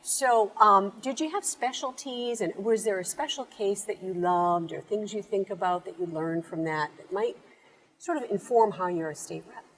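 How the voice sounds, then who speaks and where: A woman hosting a community TV interview, chatty and affirming, with quick follow-up questions. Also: medium pitch, a little hiss or hum, low-quality recording. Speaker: talk show host. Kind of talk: friendly TV interview. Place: community TV studio.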